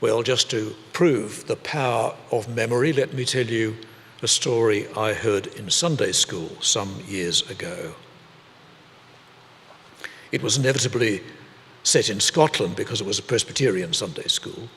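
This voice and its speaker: Slow, deliberate male preacher in reverb. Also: on the low side, fairly bright tone, slight background noise. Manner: slow, deliberate delivery with pauses and repetition. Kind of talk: sermon. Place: church.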